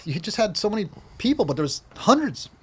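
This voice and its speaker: A man in his forties from Minnesota tells stories as a podcast guest, with a somewhat high voice. He is excitable and repeats phrases for emphasis. He acts out the scenes he describes. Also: fast, slightly rough. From Minnesota, USA. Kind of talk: animated storytelling in casual conversation.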